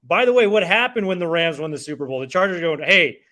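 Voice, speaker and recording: High, bright, hyped male co-host. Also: animated, quick pace. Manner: hyped, promotional enthusiasm. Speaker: podcast co-host. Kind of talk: casual sports talk.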